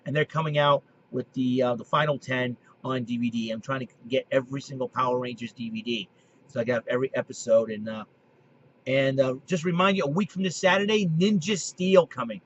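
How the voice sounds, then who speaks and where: A man in his late thirties talks casually as a video host, rambling, restarting his sentences and clearing his throat. The recording is dull and lo-fi with a faint hiss behind him. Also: a little high, fairly bright tone. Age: 30s. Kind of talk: casual monologue to camera. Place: basement.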